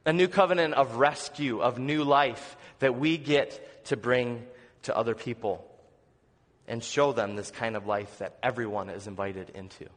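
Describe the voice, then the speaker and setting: Earnest male pastor preaching in a hall. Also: moderate pace. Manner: earnest, questioning the congregation, dropping to soft low lines. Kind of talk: sermon. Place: church sanctuary.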